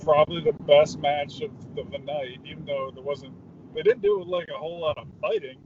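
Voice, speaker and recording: A man's voice: on the high side, steady tone, brisk, a little mellow, a little hiss or hum. A man co-hosting a podcast in casual chat, agreeable and matter-of-fact. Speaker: podcast co-host. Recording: dull lo-fi audio.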